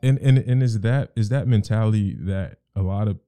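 Man, low voice, very dark mellow tone, casual podcast chat, rambling and emphatic. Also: moderate pace, clear, resonant tone, no echo.

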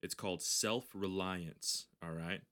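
A man's voice: sits low, steady tone, slow pace, bright, forceful tone. A man hosting a podcast, telling a long story in casual chat, rambling and swearing, with frequent restarts. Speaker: podcast host.

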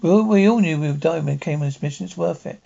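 A grim alien soldier, 1960s TV. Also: male voice, on the high side, very fast, vocal fry, dark tone. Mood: defiant. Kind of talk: 1960s TV drama acting. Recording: dull lo-fi 1960s TV soundtrack.

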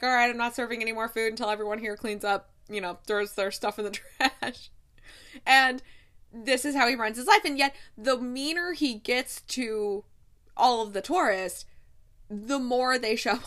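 A woman book vlogger recapping a romance novel in casual chat, chatty and excitable, acting out quotes and laughing often. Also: a little high.

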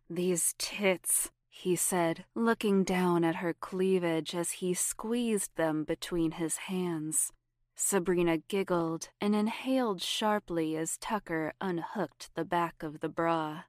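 A woman narrating an erotic story in a soft, half-whispered, sensual voice on a close mic. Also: on the low side, no echo.

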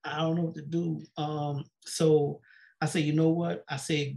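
Pastor guy telling his story, keeps going "she said", voice sits a bit high. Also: little pitch movement, a little slow, vocal fry, a little mellow. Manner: storytelling, repeats "she said" and acts out quoted dialogue. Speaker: pastor and guest. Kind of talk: personal testimony in a sit-down interview.

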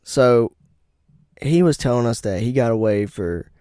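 A man's voice: medium pitch, expressive, a little slow, warm tone, no room sound, studio quality. Profane young man telling stories. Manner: blunt, profane, laughs at own stories. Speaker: podcast host. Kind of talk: casual profane storytelling.

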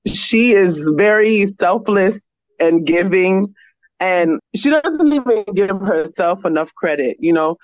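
A woman's voice: medium pitch, animated, slow pace, no room sound, poor audio. A young woman speaking earnestly on a video call, rambling heartfelt praise for her mother. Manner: earnest, rambling, lots of "you know". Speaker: guest's daughter.

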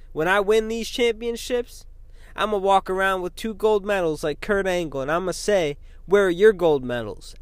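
A man's voice: high voice, no echo. A young man hosting a loose, rambling solo show from a car, joking, trash-talking and swearing freely. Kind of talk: rambling casual monologue.

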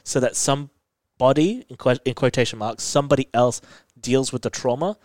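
A man in casual conversation, retelling a TV episode in lively detail. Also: medium pitch, normal speed, no room sound. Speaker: podcast co-host. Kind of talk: casual chat recapping a TV episode.

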